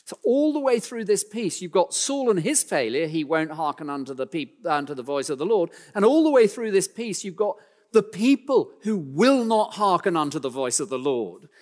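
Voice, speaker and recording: A man preaching a sermon, speaking emphatically and slowing down to read scripture aloud, in a church. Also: sits high, very animated, a little mellow. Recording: long hall reverb.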